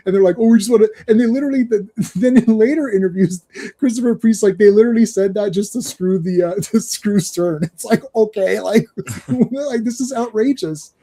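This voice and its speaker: A man hosting a casual comics chat, rambling and excited, laughing often as he talks. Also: high voice, a little fast, breathy edge. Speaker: podcast host.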